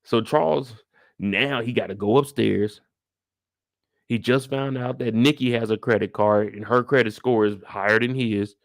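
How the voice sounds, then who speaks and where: A mid-pitched man with a gravelly voice hosts a lively, animated episode breakdown as a show recap host, slipping in and out of quick character impressions. The recording is close and dry, with no room around it.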